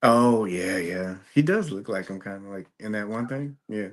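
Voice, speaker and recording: A man who is a guest on a casual podcast, telling relaxed stories about when he was first starting out. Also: fairly low pitch, moderate pace, a little hiss or hum. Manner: relaxed, reminiscing storyteller. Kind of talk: casual chat.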